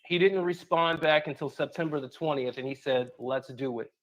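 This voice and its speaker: Man reading messages in a slightly high voice. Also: moderate pace, fairly bright tone. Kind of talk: reading out messages and recounting events.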